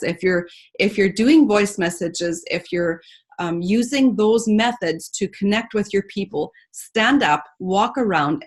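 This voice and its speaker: A woman hosting a casual book discussion, talking enthusiastically and reading passages aloud. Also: medium pitch. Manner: enthusiastic, animated with quoted voices.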